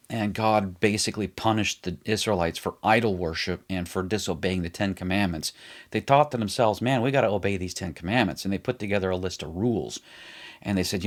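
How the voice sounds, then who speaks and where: A middle-aged man teaching an online Bible study in a chatty way, explaining things as he writes them out on the screen. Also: fairly low pitch. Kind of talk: casual online Bible lesson.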